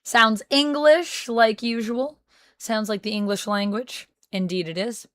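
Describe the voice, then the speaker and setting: A woman's voice: a little high, fairly even intonation, a little slow, fairly bright tone, no room sound, clean studio sound. A Canadian woman streaming live, chatting casually and reading out viewers' chat messages as she answers them.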